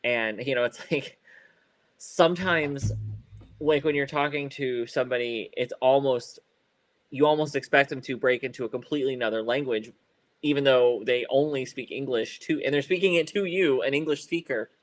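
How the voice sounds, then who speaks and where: A man co-hosting a podcast in loose, casual chat, his mid-pitched voice caught close on a dry mic with no room sound. He wanders through his thoughts, fills pauses with "um" and "like," laughs easily, and trips into a stutter from time to time. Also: no room sound. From Ohio. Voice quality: occasional stutter. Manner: rambling, many fillers and restarts, laughs often. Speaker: podcast co-host.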